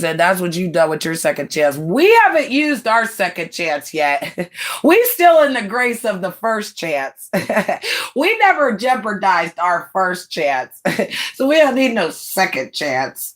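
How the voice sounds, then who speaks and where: Woman, late forties, live-stream host; slow, blunt, mocking rant with a wildly swinging voice. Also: fairly low pitch, fairly bright tone. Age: 40s. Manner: blunt, scornful, mocking voices, laughing asides. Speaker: livestream host. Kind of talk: livestream rant.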